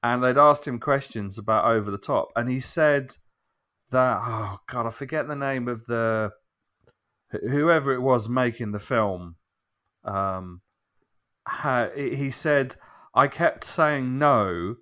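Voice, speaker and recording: A man's voice: mid-range voice, unhurried, a bit bright. A man on a podcast, telling a story casually with some stumbles and teasing banter. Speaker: podcast co-host. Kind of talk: casual anecdote.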